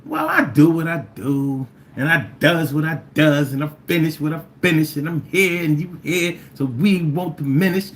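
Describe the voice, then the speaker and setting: A Philadelphia man with a Philly accent hosts a casual livestream, playfully reading viewer comments aloud and sometimes singing. His voice is fairly high and animated, moving at a moderate pace with few pauses. He riffs freely and breaks into sing-song chants.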